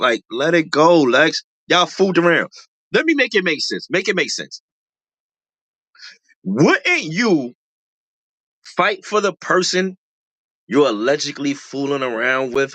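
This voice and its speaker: A casual reality show commentator talking slangy and fast, hammering the same phrases over and over. The voice is bright and forceful, with pitch that swings widely and leaps high with excitement. The recording is dry, with no room sound. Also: dry recording. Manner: animated, repeats phrases for emphasis, slangy; voice jumps high when excited.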